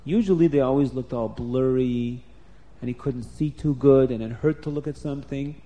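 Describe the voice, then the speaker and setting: A man telling a story to children, animated and stopping to explain words. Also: medium pitch, moderate pace, muffled recording.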